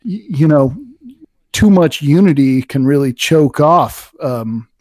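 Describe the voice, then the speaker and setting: A man's voice: on the high side, expressive, slow, a little mellow, no room sound, studio quality. A man being interviewed about his poems, talking thoughtfully and rambling, with many fillers and restarts. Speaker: poet guest. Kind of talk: casual conversation about poetry.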